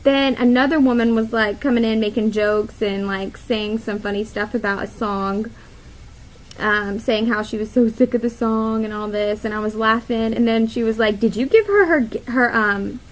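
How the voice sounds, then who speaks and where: A woman's voice: fairly high pitch, little pitch movement, normal speed, slight background noise, low-quality recording. A young woman telling a story to the camera in a casual vlog, chatty, with many fillers and laughs. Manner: chatty, many fillers and quoted inner thoughts, laughs often. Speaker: vlogger.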